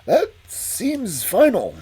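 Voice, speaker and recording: A man reading aloud and voicing a calm, shrewd Victorian male detective who speaks in a dry, deliberate way. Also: very high-pitched, slightly rough, pitched above the performer's own voice, heavily acted. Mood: measured.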